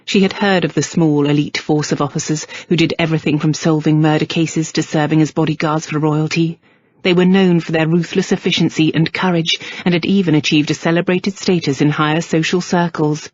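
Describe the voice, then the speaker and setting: A woman narrating an audiobook in a measured, even way. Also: low voice, no echo, dull audio. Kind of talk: scripted narration.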